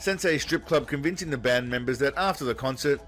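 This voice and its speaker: Male comic narrator, mid-pitched, deadpan sarcasm, light music bed. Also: a little fast. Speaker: comedy narrator. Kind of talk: mocking commentary voice-over.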